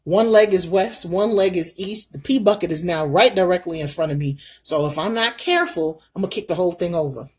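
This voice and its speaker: A middle-aged woman vlogging her makeup routine while telling a story in an animated, folksy way. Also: fairly low pitch, fairly quick, few pauses, slightly rough. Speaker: beauty vlogger. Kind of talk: casual makeup vlog storytelling.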